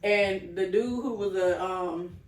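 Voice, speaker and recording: A woman's voice: medium pitch, slow pace. Chatty woman co-host, roomy sound. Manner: chatty, reads out others' answers. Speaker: podcast co-host. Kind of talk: casual chat. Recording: roomy, distant mic.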